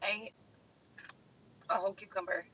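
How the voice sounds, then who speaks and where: A woman's voice: mid-range voice, fairly even intonation, normal speed, bright, forceful tone. A woman, chatting frankly to camera as a vlogger, sighing and swearing when annoyed. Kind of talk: casual chat to camera. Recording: distant, muffled, with clear background noise.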